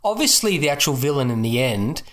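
A man's voice: mid-range voice, sing-song, brisk, a bit bright. A man co-hosting a podcast, speculating casually about a film in a musing way. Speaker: podcast co-host. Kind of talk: casual film-review chat.

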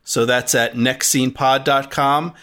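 A man guesting on a casual podcast, with a bright, tense edge to his voice. He talks haltingly, restarting his phrases as he thinks aloud. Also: medium pitch, steady tone, clear, resonant tone. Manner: hesitant, many fillers and restarts.

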